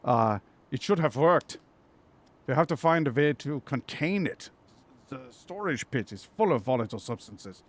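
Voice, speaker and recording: A man's voice: mid-range voice, animated, normal speed, natural voice. A man putting on a panicky German-accented engineer. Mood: urgent. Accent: mock German. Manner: jittery, urgent.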